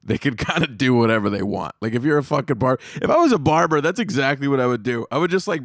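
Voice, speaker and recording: Animated, profane male comedian host. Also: mid-range voice, fast, few pauses, no echo, studio quality. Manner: profane, rambling, animated storytelling. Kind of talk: casual comedic monologue.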